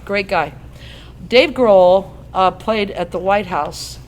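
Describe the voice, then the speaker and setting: A woman's voice: mid-range voice, slow, background noise. A woman in her sixties, a radio host, telling a folksy, self-mocking story to a school audience, singing bits and laughing at her own jokes. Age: 60s. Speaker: radio host speaking to students. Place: school auditorium.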